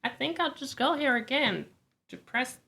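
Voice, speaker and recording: A man putting on the voice of an old lady who is charmed by the beeping sounds of a machine, speaking slowly and primly through giggles. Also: very high-pitched, very animated, gravelly, sharp tone, voice pushed up, exaggerated voice. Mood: delighted. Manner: giggly, slow, prim delight.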